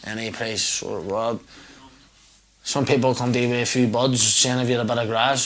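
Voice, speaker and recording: A man's voice: mid-range voice, steady tone, brisk, a bit bright, rough recording. A man in a documentary interview clip, rambling and swearing as he talks.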